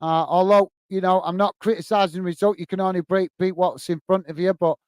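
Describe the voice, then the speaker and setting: A man's voice: high-pitched, steady tone, brisk, a little mellow, clear, resonant tone, dry recording. A man from the UK hosting a football livestream, giving live match commentary and chatting with viewers, full of fillers and calling everyone mate. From United Kingdom.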